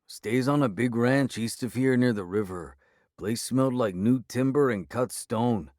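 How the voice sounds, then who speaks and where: A man's voice: medium pitch, a little slow, darkish tone, no room sound, clean studio sound, pitched above the performer's own voice, natural voice. A man voicing a gaunt, furious male werewolf alpha with a growly, snarling delivery in an audiobook. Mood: resentful. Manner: snarling, hostile, defiant. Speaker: character voice in an audiobook.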